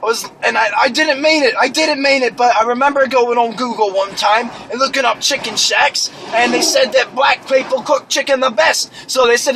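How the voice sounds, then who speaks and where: High, gravelly man rambling in character. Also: moderate pace, hardly any pauses, slight background noise, rough recording. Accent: put-on British. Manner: rambling storyteller, stammers, deadpan. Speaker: improv comedian. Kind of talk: improvised comedy bit in character. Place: inside a car.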